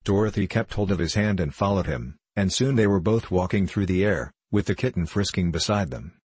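A man reading a children's storybook aloud in a steady, even voice. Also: low-pitched, fairly quick, breathy edge, no echo. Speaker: audiobook narrator. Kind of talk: storybook narration.

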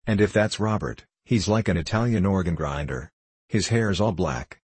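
A man's voice: deep voice, normal speed, darkish tone, breathy edge, dry recording. A man voicing a sensible, polite eldest girl in a storybook, speaking decidedly.

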